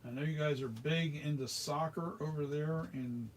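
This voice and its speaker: A man's voice: fairly high pitch, steady tone, normal speed, slight background noise. A man from the United States demonstrating mask making in a workshop, talking casually and rambling with frequent restarts. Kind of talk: hands-on tutorial, casual chat.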